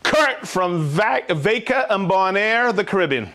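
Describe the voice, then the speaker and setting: High, lively male livestream host. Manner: upbeat, whooping, reels off names quickly. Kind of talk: live-stream shout-outs to viewers.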